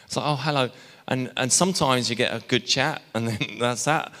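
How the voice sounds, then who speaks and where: A man's voice: mid-range voice, a little fast, pushed and bright. A man preaching a sermon in a chatty way, with asides and self-deprecating laughs. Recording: hall reverb.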